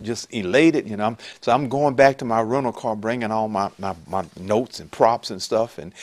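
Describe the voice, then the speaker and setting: Low-voiced man preaching a sermon. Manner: rambling storytelling with many restarts; building to loud emphatic preaching. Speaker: pastor.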